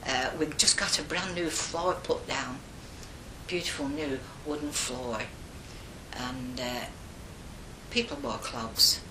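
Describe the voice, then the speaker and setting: An older woman telling stories from her past in a chatty, animated way in an echoey room. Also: low-pitched, slow, background noise. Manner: lively, chatty, animated retelling. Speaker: interviewee. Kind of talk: oral history storytelling.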